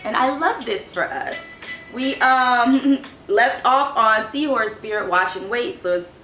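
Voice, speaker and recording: A woman hosting a casual spiritual reading, talking in an animated, slangy way and laughing often. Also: a little high, takes it slowly, echoey room, faint music behind, rough recording.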